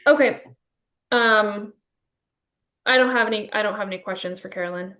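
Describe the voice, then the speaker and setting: A woman's voice: mid-range voice, moderate pace, fairly bright tone. A woman speaking for her client in a courtroom, asking a witness questions in a hesitant way with lots of fillers.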